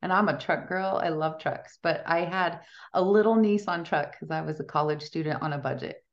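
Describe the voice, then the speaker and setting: Brief: middle-aged woman guest, lower voice, chatty and giggly storyteller, muffled lo-fi audio. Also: moderate pace. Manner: laughs often, chatty and self-amused. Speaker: author and guest. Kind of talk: casual interview storytelling.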